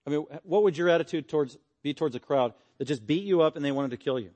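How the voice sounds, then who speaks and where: An earnest, animated man preaching a sermon and closing in prayer. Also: a little high, fast talker. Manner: earnest, animated, acts out quotes.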